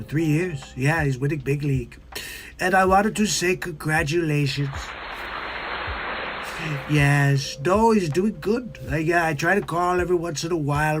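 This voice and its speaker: A man doing a comedic impression of a boastful older tycoon politician, bragging in a low, repetitive drawl. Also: lightly acted.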